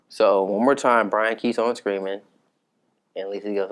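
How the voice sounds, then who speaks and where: A man telling a story in a casual, conversational way, animated and profane. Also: fairly low pitch, normal speed.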